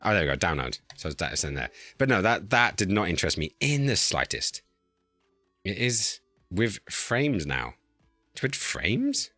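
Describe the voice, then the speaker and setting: Brief: low-voiced male streamer, lively bright delivery, dry close mic, faint music behind. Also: normal speed, no room sound. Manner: chatty, flustered while fixing audio settings. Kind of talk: casual live-stream chat. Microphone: new desk microphone.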